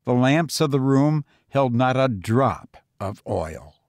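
A man reading a short story aloud as an audiobook narrator, measured and deliberate. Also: medium pitch, sing-song, a little mellow, no echo, studio quality.

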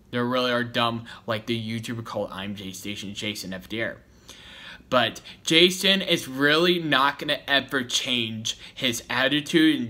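A YouTuber delivers a rambling, repetitive, confrontational rant straight to the camera in a vlog. His voice is mid-range with a sharp tone.

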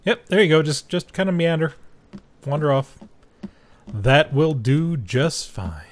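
A young man casually commenting on his own gameplay, joking, talking to the game's characters and yelling when startled. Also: fairly high pitch, expressive, unhurried. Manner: chatty, jokey, talks to the game's characters; reacts loudly and shrieks when startled. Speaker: gaming video host. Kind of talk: casual let's-play commentary.

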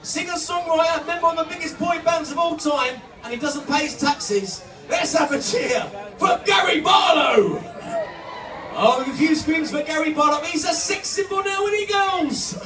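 A man doing live stand-up comedy, loud and punchy, shouting to reach the crowd. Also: very high-pitched, normal speed. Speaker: comedian and impressionist. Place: holiday park entertainment stage. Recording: echoey room, from far off, music and crowd.

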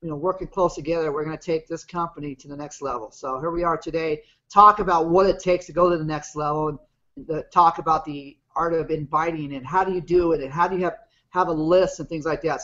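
A man's voice: a little high, fairly even intonation, fairly quick, sharp tone. A man in his fifties telling his personal story on a webinar in a plain-spoken, rambling way. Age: 50s. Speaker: guest business partner. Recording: muffled lo-fi video call audio.

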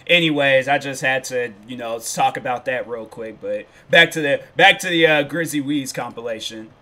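A man's voice: mid-range voice, normal speed, bright, forceful tone. A man hosting a reaction video, rambling casually through a story with lots of filler. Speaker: reaction channel host.

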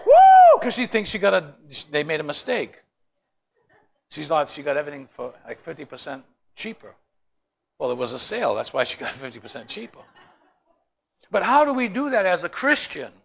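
A man leads a Bible study with a gravelly, slightly high voice. He tells funny everyday stories and keeps asking his listeners questions. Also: fairly bright tone. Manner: joking, storytelling, asks the group questions. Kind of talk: animated Bible study teaching.

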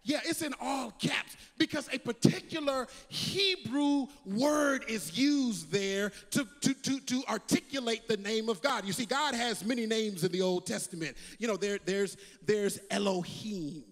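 A man preaching a sermon as pastor, repeating words as he builds and swinging from loud calls to hushed quotes. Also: high voice, measured pace, few pauses, in a large hall.

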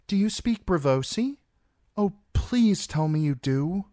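A male reader voicing a young girl actress who plays shy and sweet while she schemes, in a high girlish voice. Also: animated, a little slow, mellow, no echo, clean studio sound. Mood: coy.

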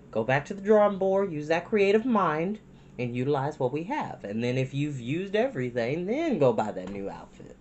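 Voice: mid-range voice, a little hiss or hum, rough recording. A storyteller reading a chapter book aloud, breaking off for chatty, folksy asides to listeners.

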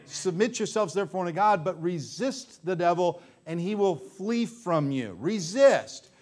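A man's voice: high voice, expressive, unhurried, a little mellow. A pastor preaching a sermon with fervor, repeating phrases for emphasis before his congregation. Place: church sanctuary.

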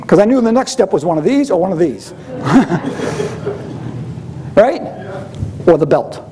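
A man's voice: high-pitched, big pitch swings, a little slow, crowd noise. A man preaching a sermon in a conversational way, often acting out the voices he quotes.

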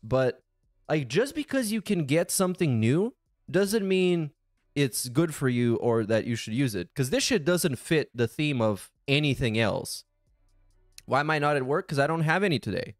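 A man's voice: fairly high pitch, expressive, moderate pace, no echo, studio quality, soft background music. A man hosting a casual reaction commentary, sarcastic, profane and exasperated. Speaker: commentary channel host.

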